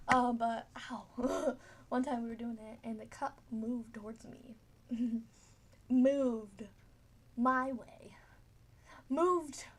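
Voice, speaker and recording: A teenage girl telling a story casually, rambling with many fillers and frequent giggles. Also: fairly high pitch.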